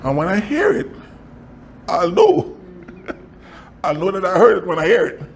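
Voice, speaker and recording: Animated preaching man, fairly high voice. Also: a little slow, a little hiss or hum. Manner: animated preaching with sudden high pitch swings; chuckles while telling stories. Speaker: pastor. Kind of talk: sermon with storytelling.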